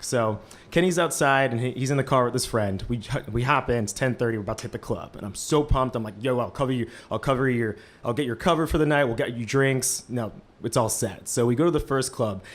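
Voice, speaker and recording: A man in his twenties telling a lively first-person story on a small stage, talking through a microphone and filling his sentences with "like". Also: medium pitch. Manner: lively, heavy use of "like" fillers. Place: stage of a small live-event venue.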